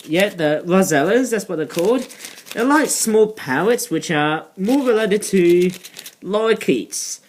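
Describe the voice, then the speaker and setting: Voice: mid-range voice, expressive, unhurried, slight background noise. Rambling toy reviewer, filler-heavy chat. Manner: rambling, digressive, many fillers. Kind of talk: casual toy review vlog.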